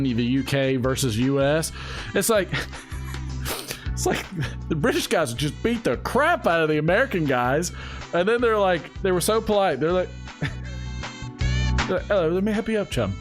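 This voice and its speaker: A man hosting a live stream, chatting casually and rambling, laughing often and talking to his viewers. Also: medium pitch. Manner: rambling, giggly, talks to chat. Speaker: host.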